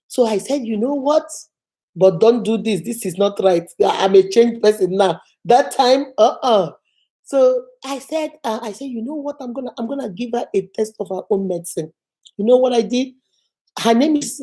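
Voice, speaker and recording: A woman vlogger telling a personal story casually to camera, acting out the people in it. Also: fairly high pitch. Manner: animated, acts out quoted voices. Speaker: motivational vlogger.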